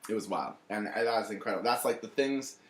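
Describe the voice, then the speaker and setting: Low-voiced young man in echoey room. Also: fast talker, a little hiss or hum. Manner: rambling storyteller, many fillers, acts out quotes. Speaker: guest, restaurant owner. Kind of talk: casual podcast chat.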